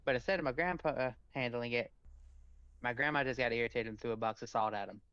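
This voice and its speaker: A man's voice: medium pitch, fast, fairly bright tone, smooth, no echo. A male teammate talks over voice chat, tripping over and repeating words as he tells a story. His voice comes through dull and muffled. There is almost no room sound around it, so it sounds close and dry. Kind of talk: casual chat.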